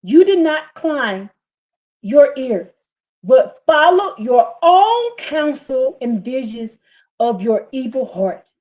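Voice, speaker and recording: Fiery preaching woman, higher voice. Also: very animated, slow pace, a little mellow. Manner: fiery, scolding, reads scripture in rising bursts. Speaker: preacher streaming a scripture reading. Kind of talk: impassioned live-stream sermon.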